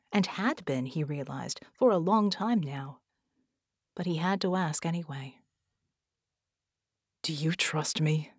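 A woman narrating an audiobook in a measured way, at times dropping into a whisper. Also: lowish voice, breathy edge, dry recording, studio quality. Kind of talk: scripted narration.

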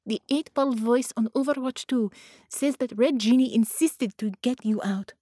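A woman's voice: fairly high pitch, moderate pace, warm tone, no echo, voice pushed up, close to an everyday voice. A woman voices a stern, pale female ally who gives blunt orders. Her delivery is firm and carries a cold threat. It is recorded close and dry for an audiobook.

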